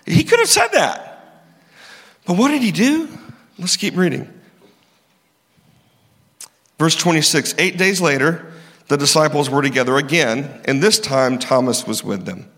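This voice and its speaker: A male pastor delivers a lively sermon in a fairly high, bright, pushing voice. He keeps it casual and acts out the people in his story as he goes. A long reverb trails his words through a large hall. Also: measured pace, pauses often. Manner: conversational and animated, acting out the people in the story.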